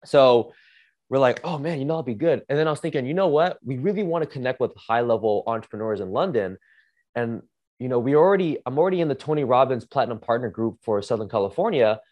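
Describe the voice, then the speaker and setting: A man hosting a podcast, telling a story in a casual, energetic way, swearing often and saying "like" a lot. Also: medium pitch, quick pace, no echo. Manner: energetic, profane, heavy use of "like". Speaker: podcast host.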